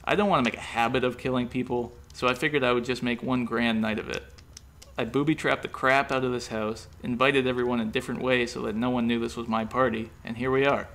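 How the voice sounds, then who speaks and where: A careless young schemer with an offhand, shrugging delivery, as a male storyteller puts him on. The voice is gravelly and stays casual. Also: medium pitch, fairly even intonation, fast talker, a bit bright, close to an everyday voice. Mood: nonchalant.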